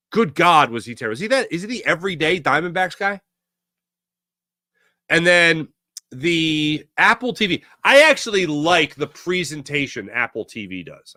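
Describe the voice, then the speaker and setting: A man's voice: fairly high pitch, pushed and bright, no room sound, clean studio sound. A man hosting a sports talk show, ranting sarcastically and casually while reading viewer comments. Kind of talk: casual live-stream chat reading comments.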